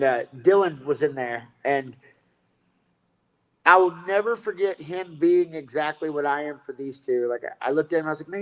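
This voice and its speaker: Profane, animated man telling fight stories. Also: fairly high pitch, low-quality recording. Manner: profane, rambling, animated storytelling. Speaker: fighter and coach. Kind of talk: casual storytelling interview.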